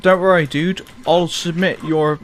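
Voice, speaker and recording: A man's voice: fairly high pitch, steady tone, measured pace. A man streaming a game, chatting casually with crude jokes and plenty of swearing. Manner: crude, joking, swears freely. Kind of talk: casual gaming stream chat.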